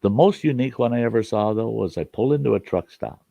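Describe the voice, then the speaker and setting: A man's voice: medium pitch, animated, quick pace, gravelly, mellow, no room sound, muffled recording. A man telling a folksy story in a rambling, casual way, hosting his own show and often restarting his sentences. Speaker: storyteller host.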